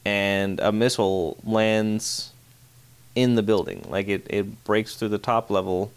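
Deep-voiced man casually recapping. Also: fairly even intonation, unhurried, smooth. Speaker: podcast co-host. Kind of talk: casual chat.

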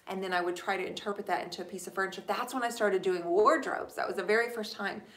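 Woman, live-stream host, chatty, thanks viewers, medium pitch, echoey room. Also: a bit bright. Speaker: furniture painter hosting a live stream. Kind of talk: casual live-stream chat answering viewer questions.

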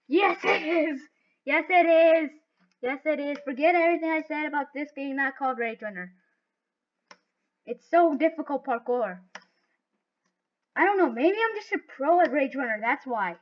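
A woman giving live gameplay commentary, excitable and talking to herself as she plays. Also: high-pitched, normal speed, pauses often. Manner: excitable, talks to herself while playing. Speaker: gaming video host. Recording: dull lo-fi recording.

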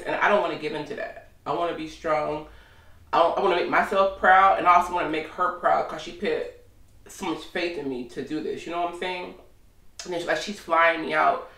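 Woman vlogger, casual and lively, echoey room, off-mic. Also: fairly low pitch, far from the mic. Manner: chatty, animated. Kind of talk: casual vlog chat.

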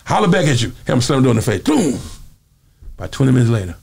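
A man being interviewed, telling animated stories in a casual way and acting out the voices. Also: mid-range voice, rapid-fire. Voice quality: gravelly, raspy. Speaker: interview guest. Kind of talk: casual storytelling.

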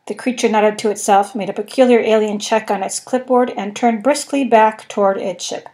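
A woman's voice: fairly high pitch, steady tone, normal speed, few pauses, darkish tone. Woman reading a story aloud. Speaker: podcast narrator. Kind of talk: audiobook reading.

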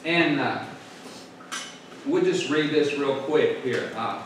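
Preaching pastor in an echoey church. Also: male voice, medium pitch, slow, pauses often, background noise. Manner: call-and-response preaching, urging the congregation to answer aloud. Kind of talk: sermon. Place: church sanctuary. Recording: echoey church room, voice from a distance.

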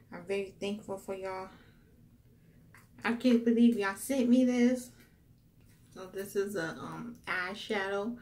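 A young woman's mid-range, slightly mellow voice carries a casual unboxing vlog. Gushing and a little teary over the gifts, she often exclaims "wow" and addresses viewers as y'all.

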